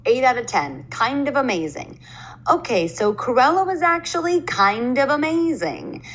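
A woman's voice: sits high, big pitch swings, measured pace, a bit bright, slightly rough, dull audio. A young woman co-hosting a podcast, chatting casually in an easygoing, joking way that sometimes trails off. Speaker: podcast co-host. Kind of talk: casual chat.

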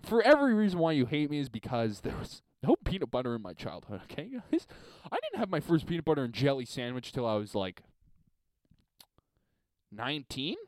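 A man's voice: mid-range voice, wildly swooping pitch, brisk, darkish tone, dry recording, clean studio sound. A man hosting a solo podcast from a basement, reading listener emails in a crude, sarcastic, rambling rant. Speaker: podcast host.

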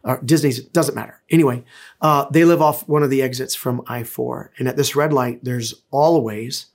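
A man's voice: medium pitch, fairly even intonation, normal speed. Earnest man preaching a casual sermon. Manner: earnest, conversational preaching with hesitations. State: tearful, emotional. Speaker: pastor.

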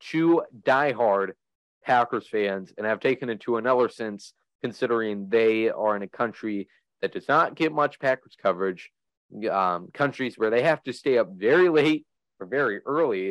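A man's voice: on the low side, dry recording, poor audio. A young man hosting a sports podcast in a casual, rambling way, full of fillers. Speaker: podcast host.

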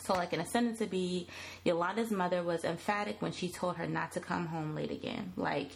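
Gravelly-voiced woman podcast co-host. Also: lowish voice, steady tone, a little hiss or hum. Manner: playful, laughs often, drawn-out emphatic delivery. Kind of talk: casual podcast chat.

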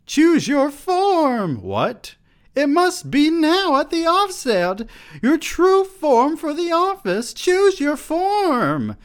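A man putting on a high, shrill voice for a frantic demon woman who cries out urgent commands. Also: huge pitch swings, drawn-out words, few pauses, a bit bright, heavily acted.

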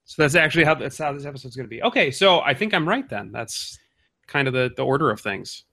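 Man, podcast co-host from Minnesota; bright, tense tone; teasing banter. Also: mid-range voice, animated, quick pace, gravelly. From Minnesota, USA. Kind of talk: casual chat. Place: suburbs of Minnesota.

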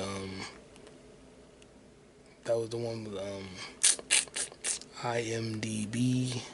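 Brief: male solo podcaster, gravelly voice, casual swearing, faint background hiss. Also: mid-range voice, a bit bright. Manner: profane, muttering to himself while searching online. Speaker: podcast host.

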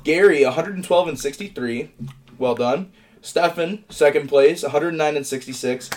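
Casual man hosting a sports podcast, rambling and quick, laughs often. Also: on the high side, darkish tone, a little hiss or hum. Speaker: podcast host running fantasy football picks.

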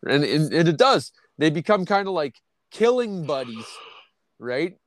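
A man's voice: on the high side, sing-song, unhurried. Rambling, swearing podcast host man. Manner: rambling, heavy swearing, ranting. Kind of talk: casual profane chat.

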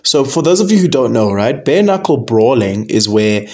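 A young man talks through fight news on his own in a loose, rambling way, and his voice sits at an ordinary middle pitch. He leans on "man" and "right?" throughout his casual commentary. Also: very animated, normal speed, darkish tone. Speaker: combat sports podcast host.

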